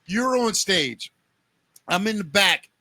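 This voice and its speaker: A man's voice: high-pitched, animated, takes it slowly, pushed and bright, no echo. A man hosting a podcast in casual, enthusiastic chat, hyping his guest and plugging shows. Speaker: podcast host.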